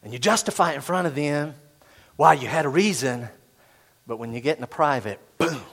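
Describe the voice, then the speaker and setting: A man preaching a sermon as pastor, swinging from loud emphasis to hushed asides and acting out quoted inner voices. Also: on the high side, normal speed, creaky.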